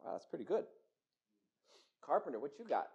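A commanding king, played by a man telling the tale gives orders in a high, theatrical voice. His delivery is authoritative and showy. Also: big pitch swings, moderate pace, darkish tone, lo-fi sound. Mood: impressed. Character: commanding male king, middle-aged.

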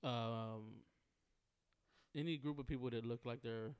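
A man's voice: medium pitch, fairly even intonation, unhurried, clear, resonant tone. A man co-hosting a podcast in casual chat, laid-back and teasing, and laughing easily. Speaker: podcast co-host.

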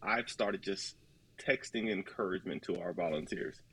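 A man's voice: sits low, moderate pace, pushed and bright, slightly rough, no room sound, poor audio. A man in casual podcast talk about ministry, earnest and folksy, acting out little dialogues. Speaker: ministry leader guest.

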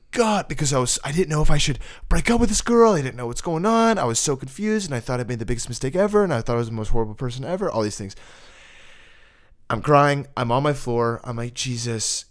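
A man in his twenties, a podcast co-host, telling a personal faith story in casual chat and acting out voices from shouts to whispers. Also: mid-range voice. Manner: animated storyteller, acts out voices from loud yells to hushed whispers.

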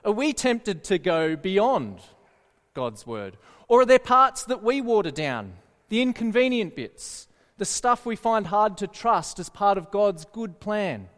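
A man's voice: high voice, very animated, a little slow, fairly bright tone. A man preaching a sermon earnestly, often putting questions to his listeners. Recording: echoey hall reverb.

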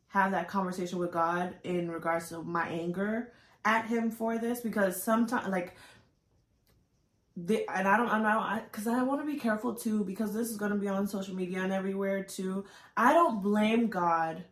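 A woman talks openly on a podcast, her voice tearful and searching, often restarting her thoughts. Her pitch sits in an ordinary middle range. The sound carries a noticeable roomy echo. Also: fairly bright tone. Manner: open, searching, with frequent fillers and restarts. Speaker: podcast co-host. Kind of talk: candid emotional podcast talk.

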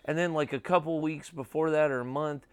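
Podcast host, male, thirties, smooth voice, dry close sound, loose rambling delivery. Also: on the high side, fairly even intonation, brisk, no room sound. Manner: rambling, swears casually, lots of "dude" and "like". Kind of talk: casual chat.

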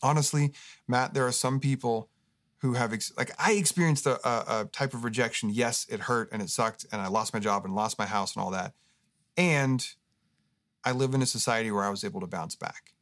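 A man's voice: medium pitch, brisk, no echo, clean studio sound. Earnest man telling a story. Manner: earnest storyteller, animated retelling. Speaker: guest, co-pastor and author. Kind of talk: casual interview talk.

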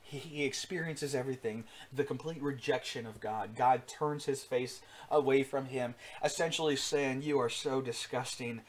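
A man's voice: mid-range voice, normal speed, few pauses. A man preaching an earnest sermon with rising emphasis, frequent fillers and restarts. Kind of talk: sermon teaching.

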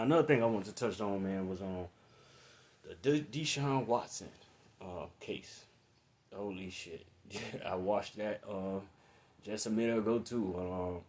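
A man's voice: low-pitched, darkish tone. A man, talking in a casual, profane monologue, blunt and opinionated and full of strong swearing. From United States. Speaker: commentator.

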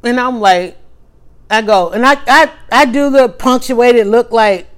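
A woman hosting a livestream, telling a story in a casual, animated way with quick restarts and emphatic asides. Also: a little high, clean tone. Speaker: livestream host.

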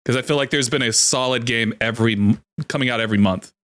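A man's voice: mid-range voice, fairly bright tone. Rambling, joking male podcast co-host. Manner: rambling, joking, quick to apologize. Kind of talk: casual gaming podcast chat.

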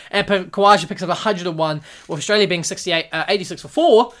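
A man hosting a podcast, giving a casual and excitable cricket recap full of swearing and mock voices. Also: high voice, quick pace, few pauses. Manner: excitable and profane, acts out players in mock voices. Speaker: podcast host.

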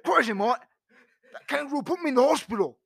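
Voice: sits high, animated, fast, gravelly, pitched above the performer's own voice. A person putting on an Australian accent to play a brash bloke spinning a rambling yarn. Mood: boisterous. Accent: Australian, put on.

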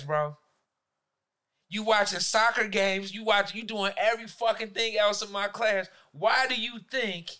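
A man, a teacher, telling a profane, animated story in a casual podcast chat. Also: high-pitched.

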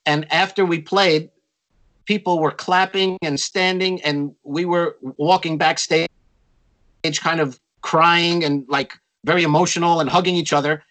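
Older guy telling jazz stories, kinda high voice, gets animated doing the quotes. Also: measured pace, poor audio. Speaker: interview guest, jazz musician. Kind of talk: storytelling in a conversation.

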